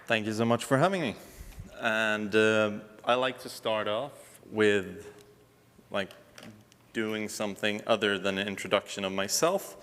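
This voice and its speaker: A man's voice: on the low side, fairly even intonation, measured pace, a bit bright, big-room sound, slight background noise. A man from Sweden giving a technical talk at a conference, with dry, wry humor. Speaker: conference speaker. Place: large conference hall.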